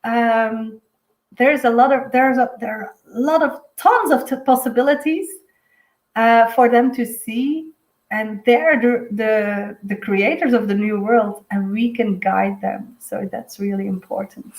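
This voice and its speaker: A woman with a Dutch accent, a native Dutch speaker, giving a live spiritual reading in a dreamy, halting way with many fillers. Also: fairly high pitch, reverberant, low-quality recording. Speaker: intuitive medium giving a weekly reading. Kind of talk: live-streamed spiritual reading, casual chat.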